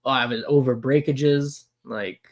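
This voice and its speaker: A man's voice: medium pitch, steady tone, a little slow. A man co-hosting a collectibles stream, rambling in a fed-up way with lots of fillers. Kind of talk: casual chat.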